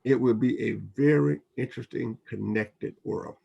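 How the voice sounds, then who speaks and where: A man's voice: mid-range voice, normal speed, creaky, mellow, breathy edge, highs cut off. An older man, a professor, speaking in a roundtable discussion in a rambling way that often repeats words.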